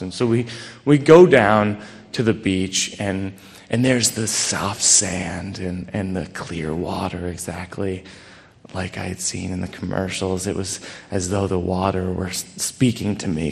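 A man's voice: deep voice, steady tone, unhurried, vocal fry. Wry rambling storyteller man in a hall. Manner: wry, rambling, self-deprecating. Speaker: comedic storyteller. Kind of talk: stand-up storytelling. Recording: long hall reverb, faint noise.

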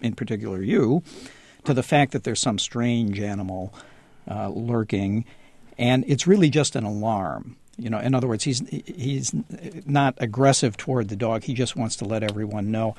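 A man's voice: medium pitch, normal speed, a little mellow, no room sound. A man who trains dogs, giving easygoing advice to a caller on a radio call-in show and acting out owners' lines. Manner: easygoing, acts out dog owners in voices. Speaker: dog trainer guest.

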